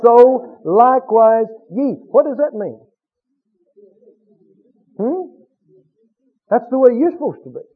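A high-pitched man preaches a sermon, his voice swinging up and down as he quizzes the congregation and acts out little scenes. His voice is slightly husky, and the recording sounds thin and tinny, like a phone line. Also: slow pace, long pauses. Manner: animated, questioning the congregation, acting out quotes.

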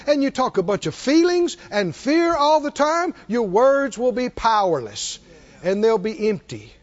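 High-voiced emphatic male preacher. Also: big pitch swings, measured pace. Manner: emphatic, with rhetorical questions to the congregation. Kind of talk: sermon. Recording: dull lo-fi sermon recording.

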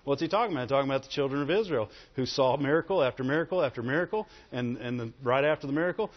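A man's voice: medium pitch, rapid-fire, hardly any pauses. A man preaching a sermon emphatically, repeatedly calling out to his congregation for agreement. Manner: emphatic, calls for audience response. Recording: echoey hall, dull lo-fi sound.

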